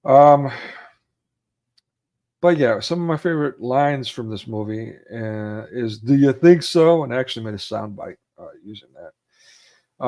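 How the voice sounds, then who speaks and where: Male, mid-pitched, casual film chat, rambling delivery that breaks into acted movie quotes. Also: a little mellow. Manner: rambling, with many fillers and restarts; acts out movie quotes in raised voices.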